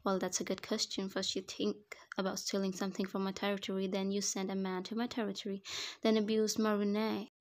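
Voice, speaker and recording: A woman's voice: medium pitch, completely flat delivery, a little fast, a little mellow, natural voice. A woman voicing a menacing, cocky male mafia boss in a fan story reading, with a taunting, commanding manner.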